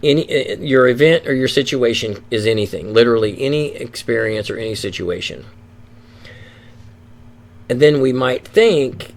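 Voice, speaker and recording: A man's voice: medium pitch, moderate pace. Earnest man teaching recovery. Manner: earnest, acts out inner thoughts in quoted voices, frequent restarts. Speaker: addiction recovery educator. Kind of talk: teaching presentation.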